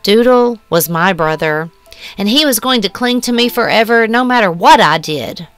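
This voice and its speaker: A woman reading a short story aloud in a measured, hushed, wistful way. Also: medium pitch, animated, clean tone. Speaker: story narrator. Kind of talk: scripted storybook narration. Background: soft music.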